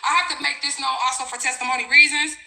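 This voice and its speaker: High, bright-voiced woman, blunt and profane, heated storytime, roomy echo. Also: fairly even intonation, fast talker, creaky. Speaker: psychic reader. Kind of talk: heated storytime recounting texts. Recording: roomy echoey room.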